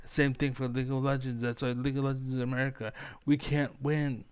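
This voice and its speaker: A man's voice: mid-range voice, flat delivery, a little fast, a little mellow, smooth, no room sound. A young man ranting on camera in a rambling, profane, fired-up way. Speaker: online commentator.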